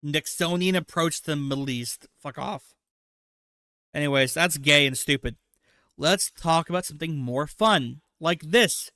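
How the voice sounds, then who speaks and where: Streamer guy, rambling crude commentary, fairly high voice, dead-dry mic. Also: measured pace, pushed and bright, dry recording. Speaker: livestream host. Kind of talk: casual livestream commentary.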